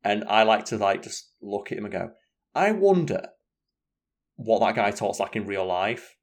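Casual male co-host, low-pitched, sweary and animated. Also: moderate pace. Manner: chatty, sweary, animated storytelling. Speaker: podcast co-host. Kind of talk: casual chat.

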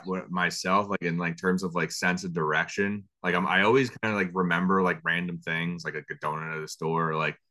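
Deep-voiced, bright, rambling dad. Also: male voice. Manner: relaxed, rambling, frequent fillers. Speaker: podcast co-host. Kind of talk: casual chat.

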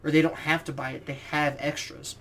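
A young man co-hosting a podcast in casual chat, telling boot camp stories in a lively, profane way and acting out the voices of the people in them. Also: fairly high pitch, fairly quick, vocal fry, slight background noise. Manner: animated, profane, acts out quoted voices. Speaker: podcast co-host.

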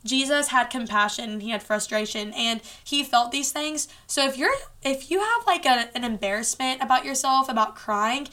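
A woman's voice: high voice, animated, moderate pace, few pauses, bright, forceful tone. A woman hosting a casual faith podcast, talking earnestly and chattily with lots of "like" fillers. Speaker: podcast host.

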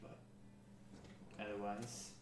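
A man's voice: very slow, recorded from a distance. A man playing in a tabletop game, talking casually and thinking his plans through aloud. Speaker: player. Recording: echoey room, noisy background.

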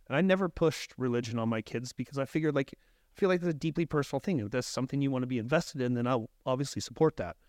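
A man talks earnestly and reflectively as a podcast guest, often restarting his sentences. His voice sits at an ordinary middle pitch, and the studio sound is dry and close. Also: fast, a little mellow, no room sound. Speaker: podcast guest, life coach. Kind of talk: casual podcast conversation.

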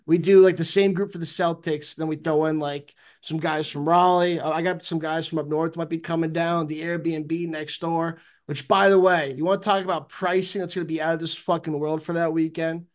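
Podcast host, guy with a slightly high voice, hyped and swearing casually. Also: moderate pace, few pauses. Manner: excitable, swears freely. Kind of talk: casual chat.

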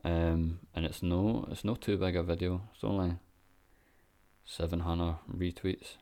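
A man's voice: deep voice, fairly even intonation, measured pace, dark tone. A Scottish man giving laid-back, sweary reaction commentary with lots of ums and chuckles. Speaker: vlogger.

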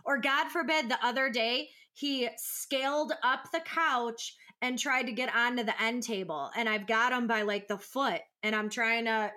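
Bright high-voiced young mother, animated. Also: unhurried, few pauses. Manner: animated storytelling, acting out her son's voice. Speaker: podcast co-host. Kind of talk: casual chat.

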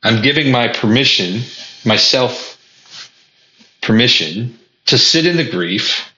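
A man's voice: mid-range voice, animated, slow, pushed and bright. A man talking earnestly straight to the viewer about lessons he has learned, often stumbling and repeating words as he thinks. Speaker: vlogger. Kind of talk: reflective personal monologue. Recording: echoey room, dull lo-fi sound.

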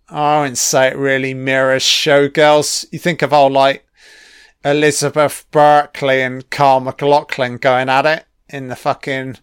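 This man's mid-range voice barely moves in pitch as he talks at a measured pace, clean and echo-free in a studio-quality recording. His casual movie commentary is sarcastic and mocking, packed with profanity aimed at the screen.

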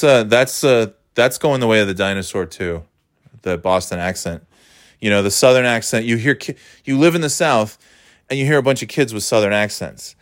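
Brief: low-pitched man, rambling and profane, casual host monologue. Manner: profane, rambling, self-correcting.

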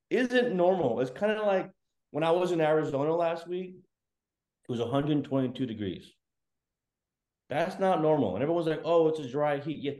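A man's voice: mid-range voice, darkish tone. Self-deprecating male comic in a roomy space. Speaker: stand-up comedian. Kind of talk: stand-up comedy. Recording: roomy echo.

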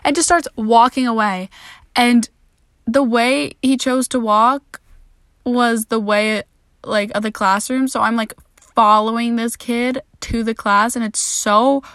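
A woman's voice: on the high side, fairly even intonation, slow, a bit bright, dry recording, studio quality. A young woman hosting a podcast, telling a candid, self-deprecating, sweary story of her first day of college in a casual monologue. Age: young adult. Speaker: podcast host.

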